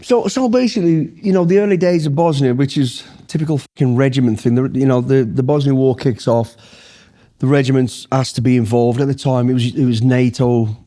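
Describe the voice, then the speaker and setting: A man's voice: medium pitch, brisk, mellow. A middle-aged man from Britain, a former soldier telling blunt, profanity-filled anecdotes in a casual interview. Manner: blunt, heavy swearing, rambling anecdotes. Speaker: guest, former special forces soldier.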